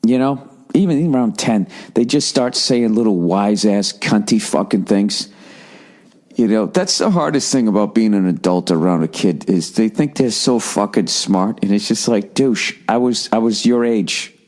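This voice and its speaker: A man's voice: fairly low pitch, expressive, moderate pace, darkish tone. A man in his forties hosting a solo podcast, ranting in a rambling, profane way and mocking people with put-on voices. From United States. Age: 40s. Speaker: podcast host.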